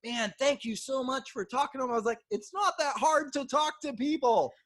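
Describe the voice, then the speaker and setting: A man from Boston, co-hosting a casual chat and telling a story in an animated way, acting out the people in it and swearing casually. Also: very high voice, a little fast. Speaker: co-host.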